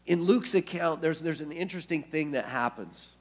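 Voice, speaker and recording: A man's voice: a little high, moderate pace. A man preaching a sermon as pastor, telling the story and acting out the quoted speech. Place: church.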